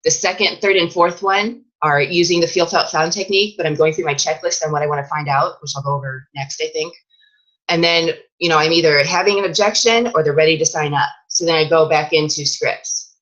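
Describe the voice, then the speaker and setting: A woman's voice: sits low, fairly quick, a bit bright, lo-fi sound. A woman fitness coach giving a casual, chatty training talk to her sales team, with plenty of fillers and restarts.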